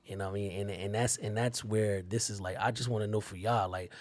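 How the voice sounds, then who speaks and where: A man hosting a podcast, talking in an animated, emphatic way with lots of laughter and AAVE phrasing. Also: on the low side, a little fast, a little hiss or hum. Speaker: podcast host. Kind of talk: casual chat.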